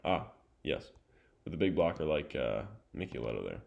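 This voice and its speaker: Young guy going over game tape, low gravelly voice, chatty and rambling. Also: big pitch swings, moderate pace, a little mellow, lo-fi sound. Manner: chatty, loose, full of fillers and asides. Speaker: volleyball film analyst. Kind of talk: casual play-by-play breakdown.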